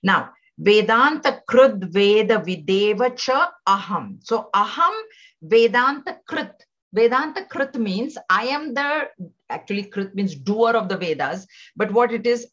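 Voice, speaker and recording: A woman teaching scripture to a class, patiently explaining, repeating phrases and chanting some of them slowly. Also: fairly high pitch, fairly bright tone, breathy edge. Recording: dull lo-fi sound.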